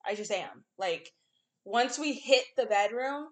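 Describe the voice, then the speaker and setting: A woman's voice: fairly high pitch, a little slow. A young woman co-hosting a podcast, talking bluntly in casual chat and acting out quotes. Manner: blunt, animated storytelling with acted-out quotes. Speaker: podcast co-host.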